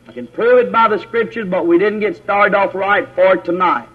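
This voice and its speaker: A man's voice: high voice, moderate pace, few pauses. A man preaching a sermon at a church service in a folksy, rising and falling manner. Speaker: pastor. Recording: dull lo-fi church tape.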